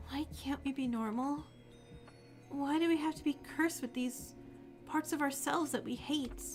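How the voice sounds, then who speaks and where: A woman's voice: high-pitched, lightly acted. A woman voicing an anxious, protective young male protagonist from a game, reading his lines and narration aloud in an earnest, pleading way.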